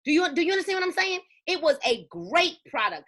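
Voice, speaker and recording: A woman's voice: very high voice, very animated, fast, fairly bright tone. A woman giving a motivational talk to a sales team, emphatic and preachy, telling stories with quoted dialogue. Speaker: network marketing team leader.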